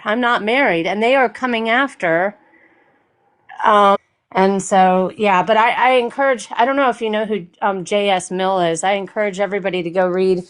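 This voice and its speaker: A woman calling into a talk show, a nursing student speaking earnestly and haltingly about her worries. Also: mid-range voice. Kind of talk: call-in chat.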